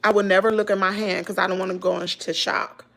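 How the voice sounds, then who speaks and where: A middle-aged woman vlogging in a Mississippi Southern accent talks fast in a creaky, medium-pitched voice. Emotional and direct, she tells her audience a personal story with lively emphasis, addressing them as "girl" and "y'all."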